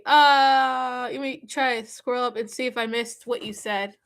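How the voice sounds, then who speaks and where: A woman hosting a live stream, chatting with her viewers, reading out their comments and answering them in an animated, scolding way. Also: on the high side, unhurried, few pauses.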